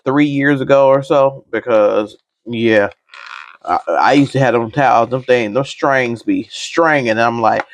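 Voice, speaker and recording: Chatty woman with a gravelly edge. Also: a bass voice, measured pace, slight background noise. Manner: chatty, self-teasing, talks straight to viewers. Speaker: budget vlogger. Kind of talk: casual chat while counting cash.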